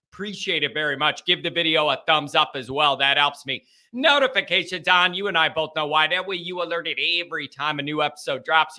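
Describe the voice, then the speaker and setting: Chatty, bright-voiced male show host. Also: sits high. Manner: chatty and self-mocking, talks straight to the audience. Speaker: host of a fan call-in show. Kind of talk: casual chat to viewers.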